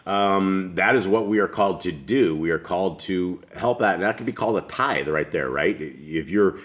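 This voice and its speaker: A man hosting a casual scripture discussion, reading verses aloud in an easygoing way. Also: sits low. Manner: easygoing, reads verses slowly, chuckles. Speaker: host of a scripture study discussion.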